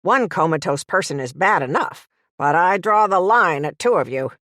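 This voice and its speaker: A woman's voice: lowish voice, animated, moderate pace, a bit bright, dry recording, studio quality. A woman voicing a bossy, smug elderly witch aunt with a taunting, sing-song manner, in an audiobook.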